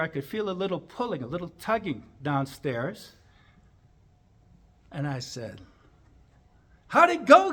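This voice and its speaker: A chiropractor gives a speech telling a funny personal story, acting out the lines with big jumps in pitch and volume.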